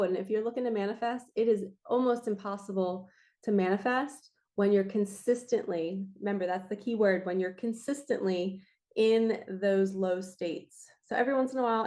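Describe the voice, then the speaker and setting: A woman giving a passionate, emphatic spiritual reading to her viewers, her throat raspy from talking. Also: mid-range voice, darkish tone. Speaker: spiritual reader and coach. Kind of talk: earnest spiritual talk to viewers.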